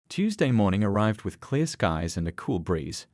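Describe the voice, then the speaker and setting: A man narrating a scripted story in a steady storytelling manner. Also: lowish voice, normal speed, no echo, clean studio sound.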